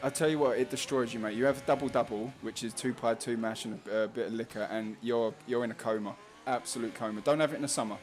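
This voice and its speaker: A man's voice: medium pitch, fairly even intonation, quick pace, few pauses, slight background noise. Chatty London man calling a sim race. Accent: London Cockney. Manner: chatty, jokey, reads out chat messages. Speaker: race commentator and stream host. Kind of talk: casual live race commentary.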